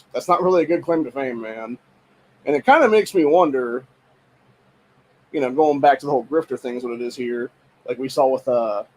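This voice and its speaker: A man's voice: medium pitch, darkish tone, low-quality recording. A man hosting a podcast, giving rambling, profane political commentary in a dismissive, ranting tone, full of filler phrases. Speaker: podcast host.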